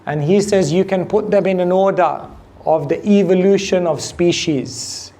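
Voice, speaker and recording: Unhurried male spiritual teacher, slightly high voice. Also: mellow. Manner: unhurried, asks the audience questions, chuckles easily. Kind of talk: devotional class lecture. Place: temple hall with audience.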